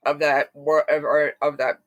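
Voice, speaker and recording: A woman's voice: deep voice, moderate pace, no echo. A woman from Philadelphia, a guest on an interview, talks casually and animatedly, full of fillers and restarts and acting out what others said. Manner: animated, acts out quoted voices. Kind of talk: casual storytelling.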